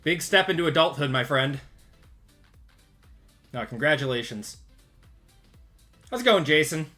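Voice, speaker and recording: A man's voice: on the high side, lively intonation, unhurried, bright, forceful tone, faint music behind. A man hosting a casual livestream, upbeat and greeting viewers by name as they join. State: out of breath. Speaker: card break livestream host. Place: home.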